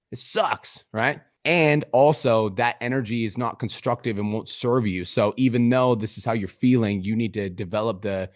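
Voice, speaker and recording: A man coaching a client on a group video call, swearing constantly in a pumped-up motivational manner with sudden loud outbursts. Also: mid-range voice, no room sound, clean studio sound. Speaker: business coach.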